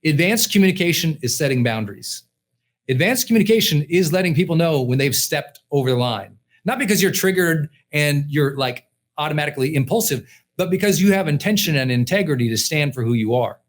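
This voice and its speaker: Middle-aged guy coaching a class, emphatic, lively delivery, voice sits a bit high. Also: fairly quick. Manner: emphatic, lively, repeats key points. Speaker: personal development coach. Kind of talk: motivational class lecture.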